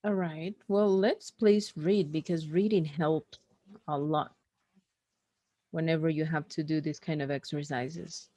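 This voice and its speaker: A woman teaches English one on one online, guiding a student through a reading. She speaks slowly and patiently in a slightly low voice and politely corrects his grammar. The sound is dry and close. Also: fairly even intonation, dark tone, no room sound.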